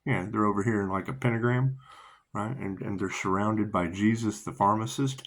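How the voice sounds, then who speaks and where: A man hosting a rambling spiritual monologue, repeating himself, laughing often and dropping into soft asides. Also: on the low side, brisk. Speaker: spiritual video host.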